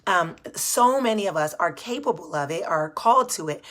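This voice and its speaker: A woman's voice: animated, moderate pace, fairly bright tone. A woman business coach speaking casually in a live video, with a groggy just-woke-up voice, earnest and encouraging, repeating words for emphasis. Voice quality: low, slightly groggy.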